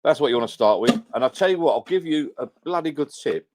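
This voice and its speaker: A man's voice: on the high side, lively intonation, quick pace, a little mellow. A middle-aged man chatting casually on a live stream, rambling and correcting himself. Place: at home by a whiskey shelf. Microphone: camera on a home setup.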